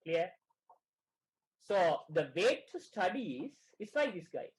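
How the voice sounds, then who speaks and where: A man's voice: high-pitched, very animated, takes it slowly, rough recording. A middle-aged man tutoring students for an exam in an online session, who keeps asking "right?" and repeats his phrases.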